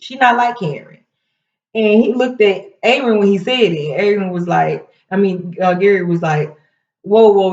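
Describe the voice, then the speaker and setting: A woman hosting a casual TV recap, retelling scenes in an animated way, laughing often and quoting the characters in quick asides. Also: mid-range voice. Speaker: recap show host. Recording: roomy, distant, dull sound.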